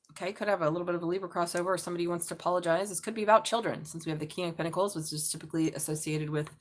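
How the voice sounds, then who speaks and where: A woman hosting a live tarot reading from her bedroom, thinking aloud and often breaking into excited exclamations. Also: mid-range voice. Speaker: tarot reader.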